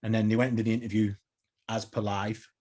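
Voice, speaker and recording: A man, a podcast guest, telling lively anecdotes in casual chat, swearing freely and slipping into other people's voices. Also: lowish voice, quick pace. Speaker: interview guest, tribute performer. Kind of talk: casual storytelling.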